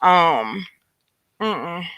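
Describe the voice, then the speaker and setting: A woman's voice: fairly low pitch, animated, very slow, bright, forceful tone, highs cut off. A woman hosting a casual live commentary chat, blunt and slangy, talking straight to her viewers. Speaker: host.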